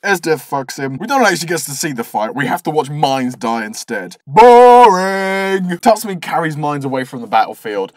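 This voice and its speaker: A man's voice: mid-range voice, lively intonation, a little fast, hardly any pauses, dry recording. Sarcastic man ranting through an anime recap. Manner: sarcastic, swears freely, rants with exaggerated outrage. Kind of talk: comedic anime recap narration.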